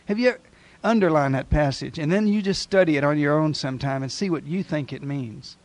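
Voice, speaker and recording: A man's voice: a little high, brisk, no room sound. A man preaching a sermon, speaking emphatically and putting repeated rhetorical questions to his congregation.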